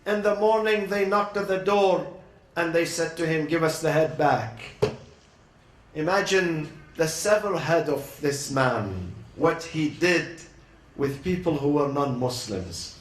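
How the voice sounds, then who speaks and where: A man at a youth gathering, telling a religious story as a sermon, with dramatic pauses and short emotional phrases. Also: a little high. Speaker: speaker at a youth event. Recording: roomy echo.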